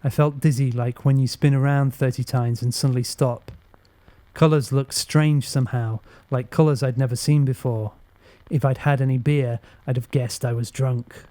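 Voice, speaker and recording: A man's voice: mid-range voice, fairly even intonation, normal speed, warm tone. Man narrating a horror audiobook. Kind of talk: first-person horror narration.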